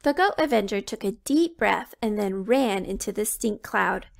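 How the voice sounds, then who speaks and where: A woman reading a children's storybook aloud, slow and expressive. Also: mid-range voice, gravelly. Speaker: children's book reader.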